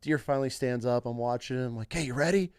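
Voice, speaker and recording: A young man, a hunting guide, telling stories in casual podcast chat, acting out clients in higher voices and laughing as he goes. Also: quick pace, clean tone, no room sound, studio quality. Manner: animated, acts out clients in higher voices, laughs mid-story.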